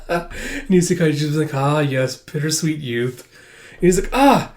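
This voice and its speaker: A man's voice: sing-song, unhurried, pauses often. Man animatedly recapping a manga chapter. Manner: acts out characters' lines with jumps in pitch and loudness, laughs often; casual and chatty, many fillers. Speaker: manga reader and commentator. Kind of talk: casual recap, reading dialogue aloud.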